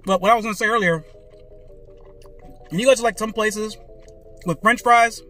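A man eating and reviewing fast food in a parked car, talking excitedly and calling his viewers "guys" and "man". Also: sits high, faint music behind. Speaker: food vlogger. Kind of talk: casual food review vlog. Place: parked car, traffic passing outside. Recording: faint road noise from inside a car. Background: cars passing by.

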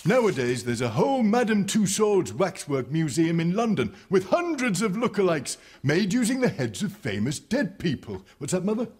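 Man doing a ghoulish countdown host, hugely lively voice, gleeful, music behind. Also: sits high, normal speed, hardly any pauses, slightly rough. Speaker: show presenter.

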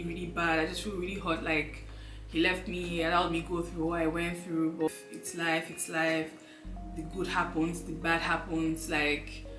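Low-voiced young woman vlogging heartfelt. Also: a bit bright, reverberant. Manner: rambling, filler-heavy, heartfelt. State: emotional, near tears. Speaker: lifestyle vlogger. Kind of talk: emotional sit-down life update.

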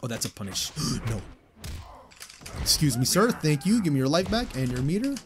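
A young man talks through a fighting game as he plays, his fairly high voice jumping around in pitch. He drops into low mutters, then breaks into excited, swearing outbursts. A faint ambient hum sits behind his voice. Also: moderate pace. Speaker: gaming channel host. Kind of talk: live gameplay commentary.

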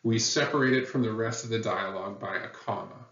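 A man's voice: lowish voice, brisk, a bit bright. A man teaching a lesson on writing rules, patient and plain, with many fillers. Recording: dull, roomy sound from a distant mic.

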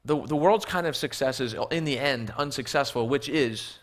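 Speaking at normal speed with few pauses, a missionary preacher with a mid-range voice presents a sermon in church using slides. He often restarts, repeating words, and asks the audience rhetorical questions.

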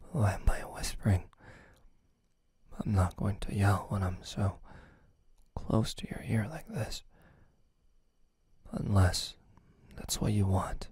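A man voicing a teasing, possessive young gamer boyfriend in a whispered role-play, talking softly right at the ear on a close mic. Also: on the low side, takes it slowly, long pauses, husky, no echo, heavily acted. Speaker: voice actor. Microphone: close mic by the listener's ear.

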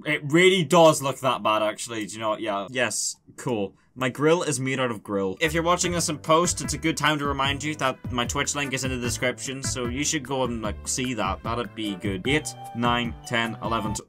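Bright-voiced sarcastic gaming commentator, man. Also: mid-range voice, expressive, moderate pace, soft background music. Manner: sarcastic, swearing, self-mocking. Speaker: gaming YouTuber.

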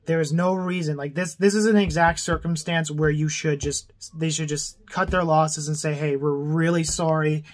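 A young man from Canada vents straight to his viewers, heated and exasperated. His voice sits a little high, and he swears freely as he rants. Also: steady tone, normal speed, hardly any pauses. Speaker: vlogger. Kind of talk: angry rant to camera.

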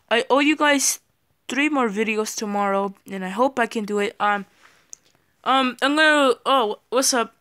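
A teenage boy giving casual commentary over a shooter game. He yelps and shouts at the game, his voice cracks when he yells, and he stumbles over fillers when he talks to his viewers. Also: very high-pitched, clear, resonant tone, no room sound. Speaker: gaming channel host. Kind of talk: gameplay commentary.

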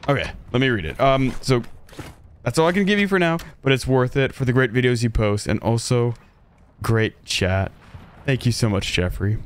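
A man's voice: medium pitch, expressive, normal speed, a little hiss or hum. A man streaming a shooter game, chatting casually, reacting aloud and thanking donors as he plays. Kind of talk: casual gameplay commentary.

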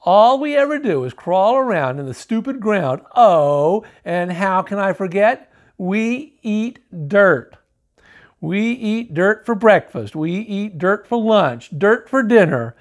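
A man voicing a small, angry boy worm in a storybook, shrieking complaints about his life. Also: slow pace. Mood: indignant. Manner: shrill, complaining rant. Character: angry little boy worm, whiny and fed up.

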